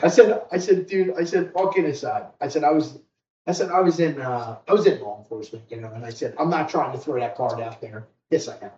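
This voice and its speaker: A man co-hosting a podcast, telling stories in a rambling, animated way and acting out other people's lines. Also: on the high side, quick pace, slight background noise. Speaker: podcast co-host. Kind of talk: casual storytelling chat. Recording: roomy, distant, muffled home recording.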